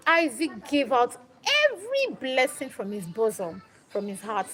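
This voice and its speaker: Animated woman telling Bible stories. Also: a little high, measured pace, faint music behind, low-quality recording. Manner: animated, dramatic, chatty. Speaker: livestream host. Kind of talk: casual Bible storytelling on a live stream.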